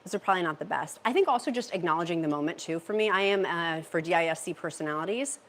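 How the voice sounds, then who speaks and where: A chatty, bubbly woman hosts a casual livestream from her home kitchen. Her voice sits a bit low for a woman. She talks into a handheld phone as she reads out viewer comments. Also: fast talker, fairly bright tone, a little hiss or hum. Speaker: livestream host. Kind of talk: casual livestream chat while meal prepping.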